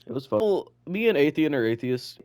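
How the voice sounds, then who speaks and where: A man's voice: on the high side, sing-song, fairly quick, a little mellow, clear, resonant tone. A teenage boy co-hosting a student podcast, telling rambling stories in casual chat full of "like" and swearing. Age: teens.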